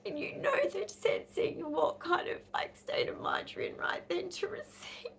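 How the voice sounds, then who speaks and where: A woman's voice: very high voice, huge pitch swings, unhurried, creaky, a bit bright, a little hiss or hum. An Australian woman in her fifties, talking bluntly and angrily to camera in a casual vlog, swearing freely. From Western Australia. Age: 50s. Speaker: vlogger.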